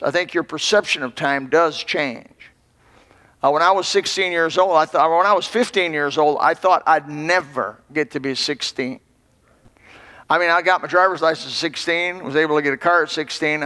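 Older male pastor, folksy rambling sermon, slightly high voice, long hall echo. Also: pushed and bright. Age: 60s. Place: church.

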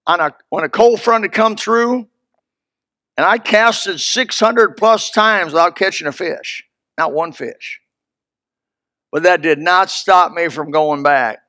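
Older male pastor, gravelly and bright, high voice, folksy pulpit delivery that rises to shouts and drops to murmurs. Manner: folksy, swings from loud and high to low and hushed. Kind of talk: sermon.

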